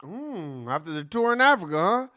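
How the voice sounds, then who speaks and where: A man rants through a reaction commentary in a high, lively voice that leaps up and down. He is heated and profane. He keeps circling back to the same points. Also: normal speed. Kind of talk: casual ranting commentary.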